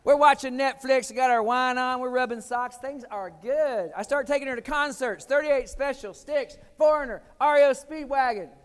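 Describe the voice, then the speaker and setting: A man in his forties giving a keynote talk, telling comic, animated stories with sudden loud punchlines. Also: very high-pitched, moderate pace, hardly any pauses, smooth. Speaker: keynote speaker. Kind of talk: storytelling keynote speech. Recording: long hall reverb.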